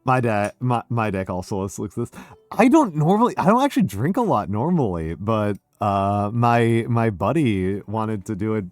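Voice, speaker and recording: A man's voice: on the low side, big pitch swings, moderate pace, darkish tone, no echo, faint music behind. An older American man hosting a casual, tipsy drinking stream, rambling and self-deprecating, swearing freely. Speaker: streamer host.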